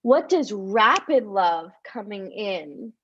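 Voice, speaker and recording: A woman love coach guiding listeners through a visualization, speaking softly and encouragingly with gasps and repeated words. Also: medium pitch, sing-song, slight background noise. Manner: soft, encouraging, with gasps and drawn-out sighs. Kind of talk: live-streamed guided visualization. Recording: dull lo-fi stream audio.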